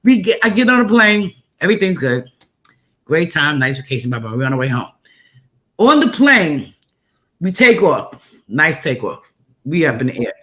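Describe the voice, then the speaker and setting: A woman's voice: sits low, big pitch swings, moderate pace, long pauses, fairly bright tone. A woman host tells stories in casual, emphatic chat and repeats phrases for effect.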